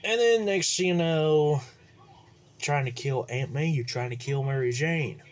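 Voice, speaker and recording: A man recapping a movie plot casually, rambling and halting with lots of fillers. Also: fairly high pitch. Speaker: movie reviewer.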